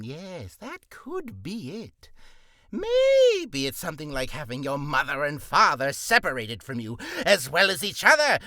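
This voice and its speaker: A man voicing a vain, petulant tyrant king who talks in a booming, self-important and whiny way, recorded in a home booth on a studio mic. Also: bright, forceful tone, no room sound, heavily acted. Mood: gloating. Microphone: studio mic with pop filter.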